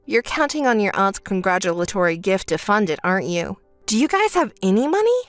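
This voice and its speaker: A woman voicing a calm, level-headed young woman who answers her sister flatly and sarcastically, in a texting-story voice-over. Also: medium pitch, brisk, no room sound, soft background music, lightly acted. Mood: dry. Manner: flat, dry, sarcastic.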